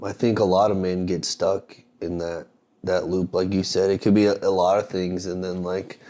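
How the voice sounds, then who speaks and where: A man's voice: sits low, little pitch movement, moderate pace, warm tone. A man speaking as a podcast guest, talking bluntly and profanely in a rambling, motivational way. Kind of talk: casual podcast conversation.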